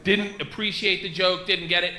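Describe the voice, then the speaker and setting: A male stand-up comedian telling brash, animated stories with big shouted punchlines, recorded live on a comedy stage through a handheld stage mic. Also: sits high, normal speed, a little hiss or hum. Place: comedy stage in front of an audience.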